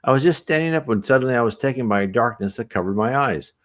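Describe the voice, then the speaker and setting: A man's voice: mid-range voice, lively intonation, fast, a bit bright, voice pushed up, close to an everyday voice. A man reading aloud as the confused spirit of a newly dead man, bewildered and pleading. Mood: insistent.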